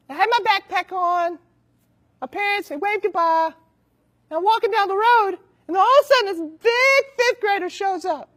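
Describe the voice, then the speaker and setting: A man doing a high-strung, pleading old ex-con. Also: fairly bright tone. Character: sixty-year-old ex-convict, anxious and wounded.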